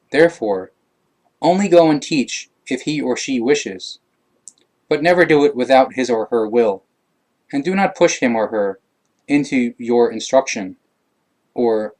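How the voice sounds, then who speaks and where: A man reading passages of a scripture aloud, slow, measured and solemn. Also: mid-range voice, darkish tone. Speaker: reader.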